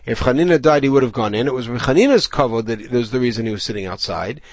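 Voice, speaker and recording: A man's voice: mid-range voice, quick pace, no echo. A man teaching a Talmud class, reading Aramaic passages aloud and then explaining them in English with frequent restarts.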